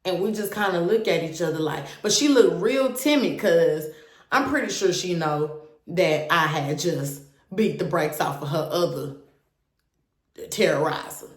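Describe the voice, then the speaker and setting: A woman's voice: lowish voice, expressive, a little slow. A young woman animatedly telling her own story to viewers, candid and swearing freely. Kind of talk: casual storytime monologue. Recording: roomy echo.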